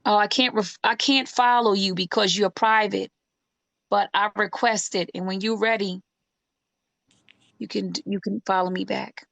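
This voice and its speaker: A woman's voice: mid-range voice, fairly even intonation, measured pace, vocal fry, fairly bright tone, no room sound. A woman hosting a casual livestream, talking in an emphatic, encouraging, preachy way. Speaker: livestream host.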